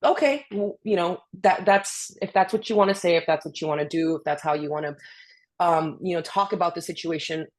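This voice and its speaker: A woman speaker on a video call, telling personal stories in a casual, animated way, full of "you know" and restarts. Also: on the low side, brisk. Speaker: guest speaker, orchestra conductor. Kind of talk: casual storytelling on a video webinar.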